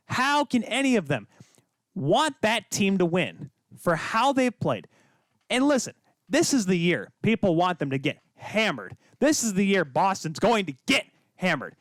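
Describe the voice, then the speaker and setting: A man co-hosting a casual sports talk podcast, his voice pitched high and swinging widely as he rants. He is emphatic and heated, piling up rhetorical questions. The sound is dry and close. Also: sing-song, measured pace, fairly bright tone, dry recording. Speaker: podcast co-host.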